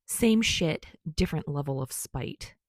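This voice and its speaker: A woman doing a gruff swearing young baker. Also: low voice, lively intonation, measured pace, no room sound, clean studio sound. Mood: snapping. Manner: snapping, curt, swearing.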